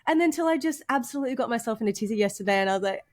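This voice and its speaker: A young woman, chatting casually as a podcast co-host, bubbly and quick to laugh, with lots of "like". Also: fairly high pitch, lively intonation. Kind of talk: casual chat.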